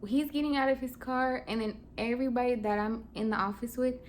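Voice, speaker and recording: A woman's voice: a little high, brisk, a little hiss or hum. Chatty young woman telling a story. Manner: casual, animated retelling with many "like"s. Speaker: vlogger. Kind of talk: storytime chat.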